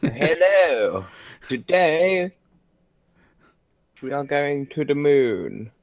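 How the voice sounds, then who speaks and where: A man putting on a stuffy posh gentleman. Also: on the high side, lively intonation, extremely slow, no room sound, lo-fi sound, exaggerated voice. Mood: posh, pompous. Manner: plummy, stuffy and formal. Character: posh pompous upper-class male investor.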